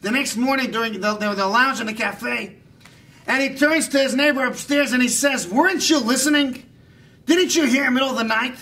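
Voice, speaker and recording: A man putting on a comic impression of an earnest older rabbi storyteller, preaching in a drawn-out, emphatic way at a live event. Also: very high voice, sharp tone, distant mic, full character voice. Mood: preachy storytelling. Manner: sermon-like, drawn-out emphatic delivery. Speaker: jester performing an impression.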